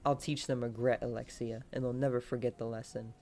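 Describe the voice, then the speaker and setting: A woman's voice: a bass voice, level tone, fairly quick, a little mellow. Vengeful young aristocrat, played by a woman, making passionate vows. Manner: passionate, vowing.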